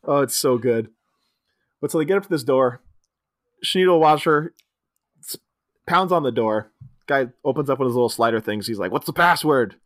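A man's voice: medium pitch, normal speed, long pauses, no echo, studio quality. A man co-hosting a podcast, casually recapping a film and acting out quoted lines along the way. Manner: animated retelling, jumping into quoted voices. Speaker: podcast co-host.

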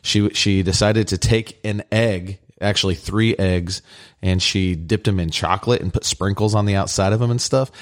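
A man's voice: deep voice, fairly even intonation, moderate pace, hardly any pauses. A middle-aged man co-hosting a podcast, telling rambling family anecdotes with lots of fillers in casual chat. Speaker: podcast co-host.

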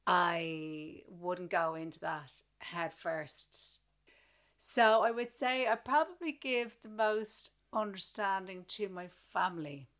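A woman's voice: on the low side, animated, slow pace, fairly bright tone. A woman in her thirties co-hosting a podcast, talking casually and animatedly, swearing freely and acting out quoted exchanges. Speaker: podcast co-host. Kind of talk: casual chat.

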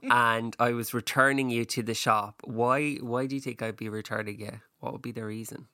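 A man's voice: medium pitch, fairly even intonation, moderate pace, bright, forceful tone, no room sound. A man co-hosting a podcast, chatting casually with dry, teasing humor. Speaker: podcast co-host. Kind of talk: casual chat.

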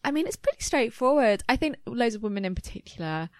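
A woman's voice: fairly high pitch, big pitch swings, fast talker, no echo. A woman in her late twenties or older, a podcast co-host chatting frankly, swearing freely and laughing often. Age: late 20s or older. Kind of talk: casual chat.

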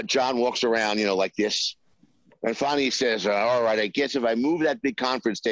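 A man telling a behind-the-scenes anecdote in an interview, halting with many fillers and acting out the voices he quotes. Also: mid-range voice, dry recording, dull audio. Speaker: screenwriter guest.

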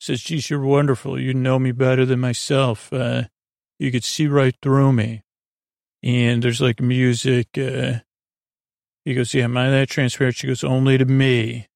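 A podcast host gives a drowsy recap of an episode for a sleep podcast, mumbling in a gravelly, flat voice. His medium-pitched retelling rambles at a measured pace and is full of fillers, recorded dry with studio quality.

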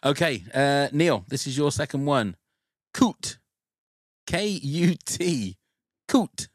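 Man, podcast quiz host, animated pitch, dry close sound, spells words out, laughs a lot. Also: slow, dry recording. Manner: laughs often, reads out words and spells them.

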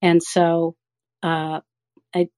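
A woman's voice: on the low side, flat delivery, extremely slow, a little mellow. A woman who coaches children in voice-over, answering interview questions with enthusiasm and examples.

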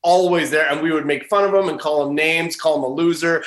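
A man's voice: a little high, steady tone, a little fast, fairly bright tone, reverberant. A man hosting a podcast, telling a rambling story in casual chat and swearing freely. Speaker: podcast host.

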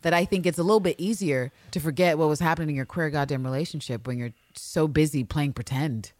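A woman's voice: sits low, fast talker, dry recording. A woman co-hosting a casual podcast, chatting animatedly, reading diary passages aloud and laughing often. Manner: animated, laughs often, acts out people being paraphrased. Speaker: podcast co-host.

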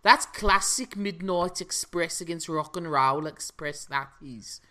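A man's voice: a little high, unhurried. Jokey man co-hosting a podcast. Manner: chatty, jokey, lively. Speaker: podcast co-host. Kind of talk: casual chat.

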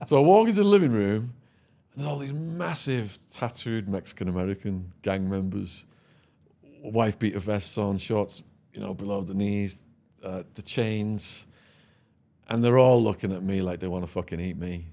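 A man's voice: fairly low pitch, normal speed, warm tone. An Englishman on a podcast, telling a vivid, profane story and laughing as he goes. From England. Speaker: podcast guest. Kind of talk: storytelling anecdote.

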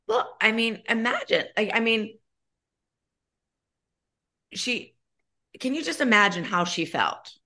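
A woman's voice: fairly high pitch, big pitch swings, slow pace, pauses often, pushed and bright. A middle-aged woman, a mother, speaking frankly and earnestly from her own experience in casual podcast chat. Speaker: podcast co-host, mother of former dancers.

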